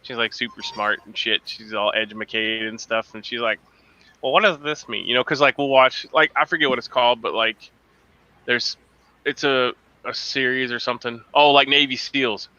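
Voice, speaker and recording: A man's voice: mid-range voice, steady tone, moderate pace, sharp tone, clear, resonant tone, no echo, lo-fi sound. A man chatting casually as a podcast host, telling profane stories and laughing often. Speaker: podcast host, Marine veteran. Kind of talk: casual chat.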